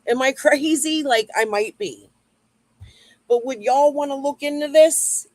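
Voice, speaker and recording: A woman's voice: sits high, unhurried, darkish tone, dry recording, poor audio. Profane, rambling woman. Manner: rambling, profane, replying to chat. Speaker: YouTube livestream host. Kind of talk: casual livestream rant.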